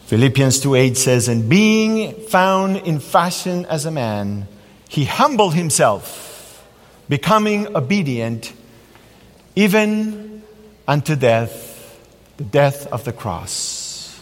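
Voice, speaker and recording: Animated male preacher in a reverberant hall. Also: fairly high pitch, takes it slowly. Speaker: pastor. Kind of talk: sermon.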